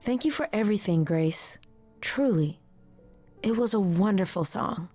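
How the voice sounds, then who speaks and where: An actress playing a composed female attendant of a goddess in a video game, speaking in a measured, gracious way. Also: medium pitch, expressive, warm tone. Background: faint game music.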